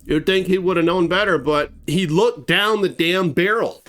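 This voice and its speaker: A man's voice: high-pitched, moderate pace, fairly bright tone, faint music behind. A man telling a gruesome story in a casual spoken way, acting out sound effects and swearing freely. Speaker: storyteller host.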